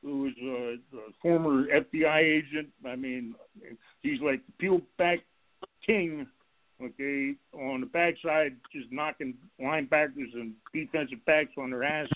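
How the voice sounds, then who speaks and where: A man, a former football coach, calling in to a radio show and telling lively stories about his old players and staff. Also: on the high side, a little slow, no echo. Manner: animated storyteller, acts out quotes, laughs along. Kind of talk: telling anecdotes on a call-in show. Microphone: telephone. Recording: tinny phone line.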